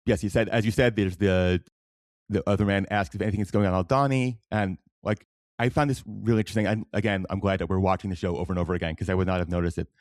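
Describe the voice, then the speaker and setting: A man with a New York accent co-hosts a podcast in a lowish voice, recorded dry and close. He tells stories with animated energy, often restarting his sentences. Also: fast talker, no echo. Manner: animated storytelling, many restarts. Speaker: podcast co-host. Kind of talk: casual chat.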